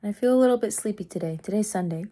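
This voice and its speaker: In her car, a young vlogger and artist talks to camera in casual vlog style about her art and market finds, giggly and chatty. She speaks very fast in a mid-range voice with a dark tone.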